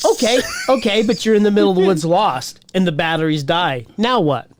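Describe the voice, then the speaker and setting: A man's voice: high-pitched, lively intonation, fairly quick, slight background noise. A man hosting a podcast, ribbing his co-host in crude, profane casual banter. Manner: crude, teasing, heavy swearing.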